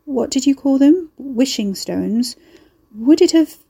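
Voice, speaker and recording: A woman reader plays a sharp-tongued young heroine in a dark storybook. She is broke and frazzled, snapping and swearing. Her lines sit higher and louder than the narration, on a mellow tone. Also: lively intonation, slow pace, vocal fry, slightly rough, exaggerated voice. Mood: uneasy.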